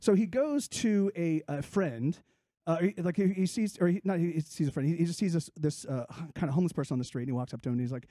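Guy telling a long joke, trips over his words, mellow and dry sound. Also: fairly high pitch, dry recording. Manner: halting, many restarts and fillers. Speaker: joke teller among friends. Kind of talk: casual storytelling.

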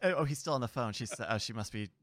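A man's voice: medium pitch, fast talker, background noise. A man co-hosting a podcast, rambling through an anecdote in casual chat and laughing often. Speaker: podcast co-host.

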